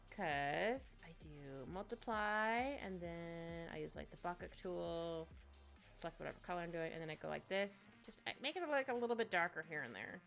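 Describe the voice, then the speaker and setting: This woman's voice is fairly low and gravelly, at a moderate pace. She streams her digital drawing live and chats casually, in a rambling, giggly manner with lots of asides, over soft background music.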